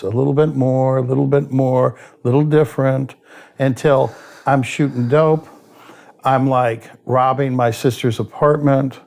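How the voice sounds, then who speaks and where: A man's voice: fairly high pitch, creaky, a little mellow. A man, a guest in an interview who tells his story candidly, bluntly and with a lot of swearing, and sometimes laughs at himself. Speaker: addiction expert guest.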